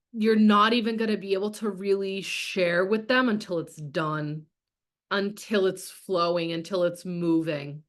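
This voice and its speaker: A woman coaching a live online masterclass in a blunt, chatty way. She swears freely and fills her sentences with casual asides. Her voice sits at an ordinary middle pitch. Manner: casual, chatty, heavy with fillers like "like". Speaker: business coach. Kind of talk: live online masterclass, answering chat comments.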